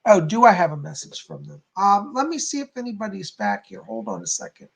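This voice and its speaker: A man's voice: high-pitched, wildly swooping pitch, brisk, gravelly, slightly rough. A man hosting a live stream, giving chatty, reassuring psychic readings and addressing viewers by name. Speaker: psychic medium, stream host.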